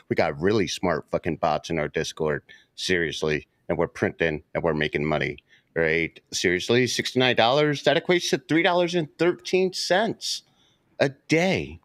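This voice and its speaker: A man co-hosting a trading live stream, ranting brashly and swearing freely as he pitches to viewers. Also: fairly bright tone, no echo, clean studio sound. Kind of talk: casual live-stream chat.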